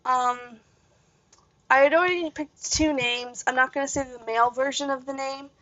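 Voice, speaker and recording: Her voice is high-pitched and fairly bright, with fairly even intonation and normal speed: a young woman from Canada telling a rambling gaming-channel story mid-game, packed with fillers and tangents. A dull lo-fi home mic captures it.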